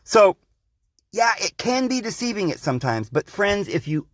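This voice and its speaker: A man's voice: high voice, very animated, normal speed, a bit bright, no echo, studio quality. A man hosting a podcast, delivering a rambling, insistent monologue to his listeners and calling them guys and friends. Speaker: podcast host. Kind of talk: preachy monologue.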